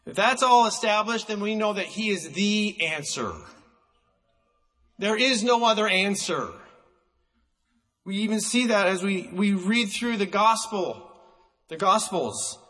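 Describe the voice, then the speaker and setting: A man preaching a sermon, emphatic and slowing down to stress single words, recorded in a church hall. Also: high-pitched, lively intonation, bright, forceful tone.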